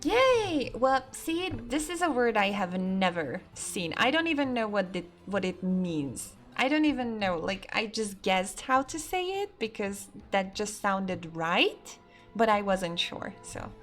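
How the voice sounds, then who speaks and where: Casual woman streamer, loud, swears, slow talker, game music behind. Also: medium pitch, big pitch swings. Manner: loud, swearing, laughing at herself.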